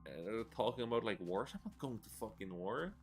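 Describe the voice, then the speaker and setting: Twenties male gamer, lowish voice, loose sweary ranting commentary. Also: sing-song, fairly quick, soft background music. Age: 20s. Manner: rambling, swearing, laughing ranting. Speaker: gaming video creator. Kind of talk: casual gameplay commentary.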